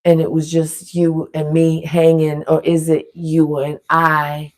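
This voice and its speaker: A woman leading a silly vocal warm-up in a playful, rambling way, drifting into loose improvised rapping. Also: sits low, completely flat delivery, takes it slowly. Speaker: vlogger leading a vocal exercise. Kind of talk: playful casual instruction.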